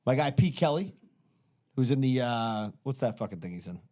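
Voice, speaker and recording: A man's voice: mid-range voice, expressive, normal speed, dark tone. A man hosting a podcast, rambling in casual profane banter with lots of fillers. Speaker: podcast host.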